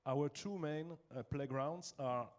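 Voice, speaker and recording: A man with a French accent, a law firm's managing partner, introducing his firm on a business panel in halting English. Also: a little high.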